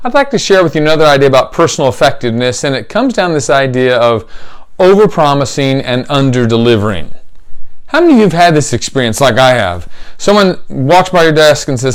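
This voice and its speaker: A man's voice: medium pitch, fairly quick, clear, resonant tone. A man giving a short workplace advice talk, chatting through everyday office exchanges and acting out both sides. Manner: conversational, acts out office exchanges with lively shifts. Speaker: business trainer.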